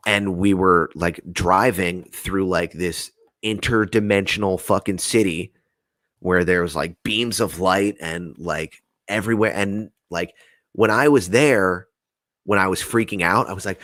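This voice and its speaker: Deep-voiced man telling a wild story. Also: moderate pace, dry recording. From New Jersey. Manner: animated, acts out quoted voices, swears freely. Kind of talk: casual storytelling chat.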